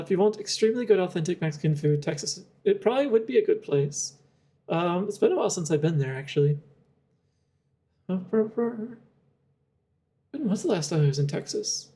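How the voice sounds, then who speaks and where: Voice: mid-range voice, expressive, moderate pace, long pauses, warm tone. A young adult game streamer chatting casually while playing, rambling and thinking aloud with frequent laughs. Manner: rambling, giggly, thinks aloud with many fillers.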